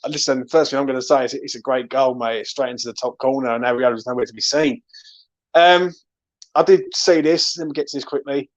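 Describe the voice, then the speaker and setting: Bloke ranting about the footy, swearing loads, dull lo-fi mic. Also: male voice, medium pitch, fairly even intonation, a little fast. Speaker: fan channel host. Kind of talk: angry football fan reaction.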